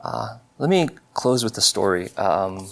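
A man in his thirties telling a personal testimony in a sermon, earnest and confessional, halting with many fillers and restarts. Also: lowish voice, animated, gravelly, a little hiss or hum. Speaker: preacher.

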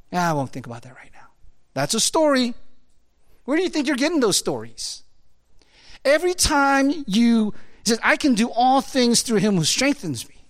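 A man preaching a sermon in a conversational, animated way, full of fillers and acted-out asides. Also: extremely high pitch.

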